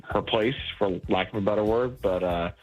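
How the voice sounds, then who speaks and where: A man's voice: fairly low pitch, moderate pace, highs cut off, soft background music. A man calling in to a radio show, embarrassed and stammering. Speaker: caller. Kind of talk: radio call-in chat.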